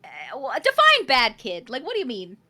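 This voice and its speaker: Brief: woman stream guest, high lively voice, hesitant and thoughtful answers. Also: moderate pace. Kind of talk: casual chat.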